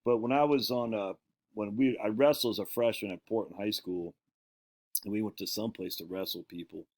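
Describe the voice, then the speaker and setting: A man's voice: on the low side, steady tone, normal speed, darkish tone. A man who grew up on an island in Maine, hosting his own show and telling rambling stories in a chatty way, correcting himself as he goes. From Peaks Island, Maine. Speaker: show host. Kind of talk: casual rambling storytelling.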